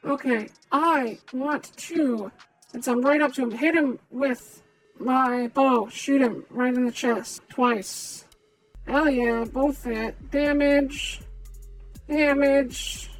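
High-voiced slow woman player. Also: fairly even intonation, soft background music, poor audio. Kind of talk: tabletop game play.

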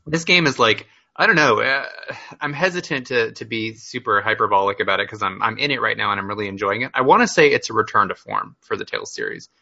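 A man on a casual gaming podcast, giving opinionated, animated takes on games. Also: fairly low pitch, fast talker, creaky, lo-fi sound. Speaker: podcast co-host.

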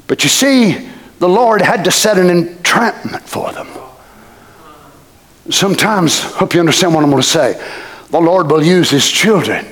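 A high-pitched man delivers a fervent sermon. He reads scripture quietly, then builds into shouted calls and hallelujahs. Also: expressive, unhurried, long pauses. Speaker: preacher.

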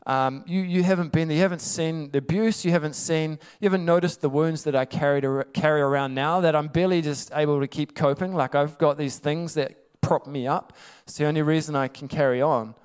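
A man's voice: fairly high pitch, steady tone, brisk, few pauses, darkish tone, clean tone, natural voice. A man putting on a bitter, hurting person. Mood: plaintive. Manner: plaintive, self-pitying.

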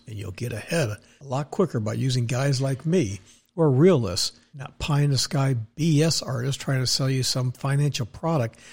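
A man's voice: mid-range voice, vocal fry, darkish tone, breathy edge. A man hosting his own podcast as a financial adviser, delivering a blunt, rambling, opinionated rant full of restarts. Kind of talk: opinionated solo podcast monologue.

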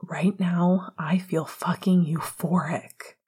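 A teasing, playful young man, voiced by a woman reader, his lines coming soft and half-whispered. The voice sits low and breathy, with a husky grain. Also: fairly even intonation, slow pace, heavily acted. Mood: tender.

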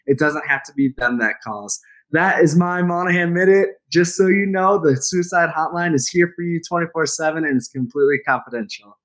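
A man's voice: on the high side, brisk, fairly bright tone. A man co-hosting a casual podcast chat in an upbeat, enthusiastic way. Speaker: co-host.

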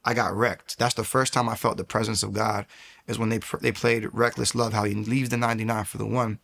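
A man telling his faith testimony in an animated way, acting out the dialogue he quotes and often saying "like" as he restarts his sentences. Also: fairly low pitch, creaky. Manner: frequent filler "like" and quick restarts. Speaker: guest giving a faith testimony. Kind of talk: personal testimony storytelling.

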